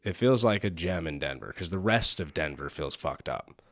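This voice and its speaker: A man's voice: low-pitched, animated, moderate pace, fairly bright tone, dry recording, clean studio sound. A young man hosting a podcast in casual, rambling chat, swearing often and leaning on fillers. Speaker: podcast host.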